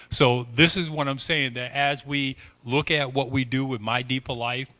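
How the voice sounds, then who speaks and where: A man's voice: medium pitch, steady tone, moderate pace, few pauses, pushed and bright. An American man preaching a sermon, reading scripture aloud with frequent restarts and adding his own commentary. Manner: reads with restarts, breaks into playful voices and laughs. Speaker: pastor.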